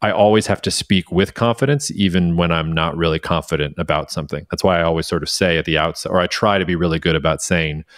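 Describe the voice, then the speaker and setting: A man's voice: low-pitched, quick pace, few pauses, no room sound, studio quality. A man co-hosting a casual podcast, hedging and thinking aloud with frequent restarts. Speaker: podcast co-host.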